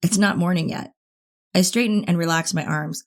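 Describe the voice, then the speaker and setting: Low-voiced woman narrating an audiobook. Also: normal speed. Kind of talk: first-person thriller audiobook narration.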